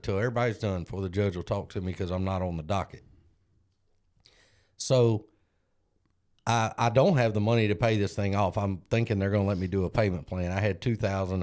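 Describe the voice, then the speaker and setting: Low-voiced man telling a story. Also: a little mellow. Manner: self-deprecating, acts out other people's lines. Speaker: podcast co-host. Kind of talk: casual storytelling.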